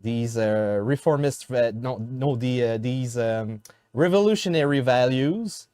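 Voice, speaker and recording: A man with a French accent hosting an interview in English, his second language, halting often to search for words. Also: mid-range voice, mellow, clean tone, no echo, clean studio sound. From France. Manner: halting, many fillers and restarts while searching for words. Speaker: host.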